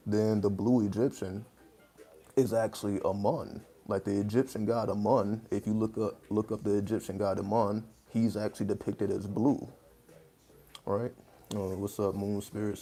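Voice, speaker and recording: This man's voice sits on the low side with a dark tone as he hosts a relaxed livestream. He rambles, leans heavily on fillers, and laughs in between his points.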